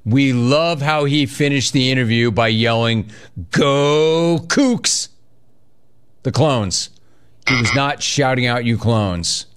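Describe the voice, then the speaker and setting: A man hosting a sports talk radio show, reading listener chat aloud in energetic, quick bursts. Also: medium pitch, clean tone.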